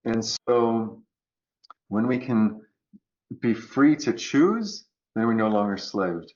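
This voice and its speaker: A man's voice: fairly low pitch, takes it slowly. Reflective man with dull-sounding audio. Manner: animated, acts out quoted voices. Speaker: guest. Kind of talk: conversational coaching talk.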